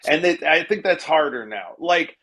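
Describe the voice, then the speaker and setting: A man's voice: on the high side, lively intonation, normal speed, fairly bright tone, a little hiss or hum. A man who writes television comedy, chatting casually in a podcast interview, often laughing at himself and restarting his sentences.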